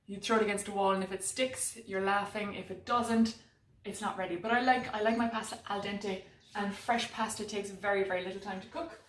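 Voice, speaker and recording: A woman's voice: mid-range voice, fairly even intonation, a little fast, fairly bright tone. A woman presenting a live cook-along demonstration in her home kitchen, chatty and self-mocking, picked up by a camera mic some distance away. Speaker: cooking demo presenter. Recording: echoey kitchen, mic far off.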